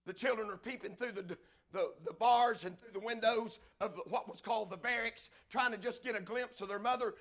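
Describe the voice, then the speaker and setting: A man preaching a sermon as a story, swinging from loud impassioned cries to hushed, low telling. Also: fairly quick.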